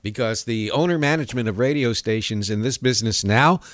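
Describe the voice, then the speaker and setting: A man's voice: mid-range voice, fairly quick, fairly bright tone, no room sound. A man hosting a talk show, delivering a profane, mocking comedic rant monologue.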